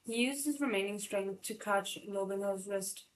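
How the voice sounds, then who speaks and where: A woman hosting a live read-along, reading a novel aloud. Her narration is steady but stumbles and restarts now and then. The voice sits at an ordinary middle pitch. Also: a little slow, poor audio. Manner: steady narration with frequent small slips and restarts. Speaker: channel host and reader.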